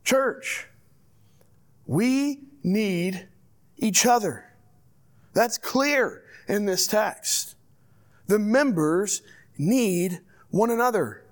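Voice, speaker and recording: A man preaching a sermon as pastor, reading scripture and urging his church in an earnest, direct way. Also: sits high.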